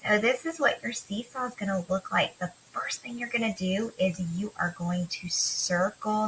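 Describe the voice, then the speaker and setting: A woman teacher giving a remote phonics lesson to young children, talking slowly in a sing-song way and drawing out letter sounds. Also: medium pitch, fairly bright tone, slight background noise, rough recording. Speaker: kindergarten teacher.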